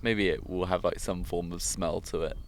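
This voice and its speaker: A man's voice: low voice, fairly even intonation, moderate pace, gravelly. A man in a casual podcast chat, laid-back with dry quips.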